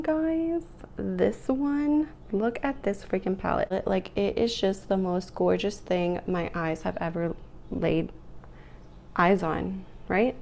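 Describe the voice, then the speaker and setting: A young woman chatting casually while doing her makeup, rambling with lots of fillers, her voice rough from the morning. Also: medium pitch, a little hiss or hum. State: morning voice, clearing throat. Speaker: beauty vlogger. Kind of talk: casual get-ready-with-me chat.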